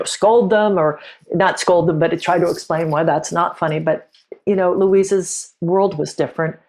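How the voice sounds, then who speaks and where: A middle-aged woman guesting on a podcast tells a personal story reflectively, halting and restarting often. Her voice is fairly low in pitch with a darkish tone.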